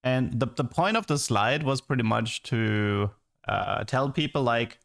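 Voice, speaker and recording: His medium-pitched voice is unhurried and a bit bright, with vocal fry. As a game streamer doing casual livestream commentary, he rants in an exasperated way, restarting often and saying "like" a lot.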